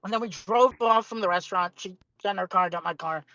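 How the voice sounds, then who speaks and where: Young guy comedian, bright voice, dry close sound, rambles and jokes at himself. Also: high-pitched, fast, no room sound, lo-fi sound. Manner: rambling, self-mocking storytelling. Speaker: guest comedian. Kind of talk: casual chat.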